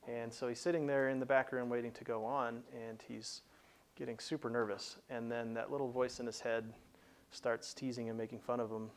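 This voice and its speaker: A man's voice: mid-range voice, little pitch movement, moderate pace. A man hosting a career advice show, explaining plainly in a conversational teaching style with frequent restarts. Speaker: career coach host.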